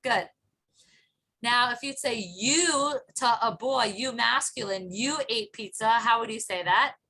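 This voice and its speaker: A woman teaching a small online class over a video call. She talks in a bright, slightly high voice, repeating phrases patiently and laughing often. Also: measured pace, a little hiss or hum. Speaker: Hebrew teacher.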